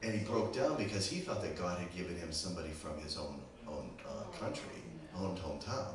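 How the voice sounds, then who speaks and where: A man's voice: deep voice, brisk, crowd noise. A man from Pittsburgh with a Pittsburgh accent, a guest preacher telling a story in a sermon and checking in with the congregation often. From Pittsburgh, USA. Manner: animated, keeps checking in with the audience. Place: church sanctuary. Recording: very echoey church, distant mic, background noise.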